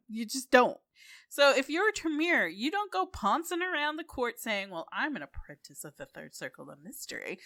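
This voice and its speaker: Woman, podcast co-host, casual chat, bright tone, pitch a touch high, dry recording. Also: no echo. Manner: animated, laughs often, playful emphasis.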